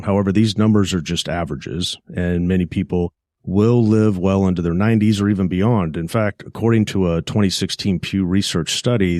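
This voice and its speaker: A man hosting a finance podcast, delivering a measured, plainspoken scripted monologue. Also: deep voice, mellow, no room sound, studio quality. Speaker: podcast host, financial advisor.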